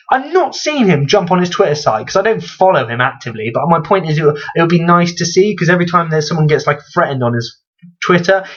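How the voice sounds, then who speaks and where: Sweary guy ranting. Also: a little high. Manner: exasperated, sweary and rambling, with many restarts. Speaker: vlogger. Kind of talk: ranting commentary vlog. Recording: slightly dull lo-fi recording.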